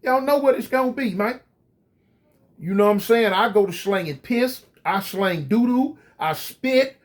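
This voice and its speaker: A man casually telling a story straight to his viewers, animated and full of slang. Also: high voice, measured pace. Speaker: storyteller recounting prison life.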